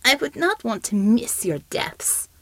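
A woman's voice: fairly high pitch, big pitch swings, unhurried, no room sound, voice pushed up, exaggerated voice. A woman voicing a sneering, inhuman male shapeshifter villain with a wet, whispery voice in an audiobook. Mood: whispering. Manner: contemptuous, taunting.

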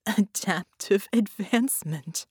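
A woman's voice: medium pitch, takes it slowly, darkish tone, husky, no echo. A manipulative female shapeshifter who taunts her opponent with mocking, teasing lines, as a woman narrator gives her voice. The storybook reading is close and dry. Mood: taunting.

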